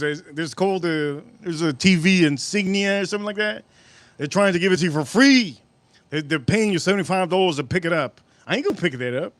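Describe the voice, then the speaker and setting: A man hosting a casual livestream, rambling and excitable, repeating himself as he chats. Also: on the high side, no room sound. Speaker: livestream host.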